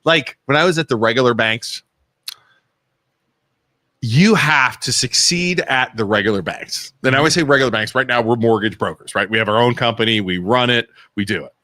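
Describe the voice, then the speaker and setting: Male co-host, Ohio accent, blunt storyteller, bright tone, close dry studio sound. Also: mid-range voice, moderate pace, dry recording. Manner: blunt, animated storytelling, acts out quotes. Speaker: co-host, mortgage broker. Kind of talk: casual radio talk show chat. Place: small studio.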